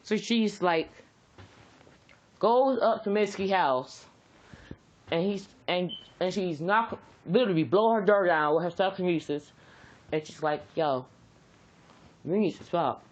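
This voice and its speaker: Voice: medium pitch, unhurried, long pauses, dull audio. A storyteller improvising a fan-fiction story in a rambling, casual way, repeating words and using slang.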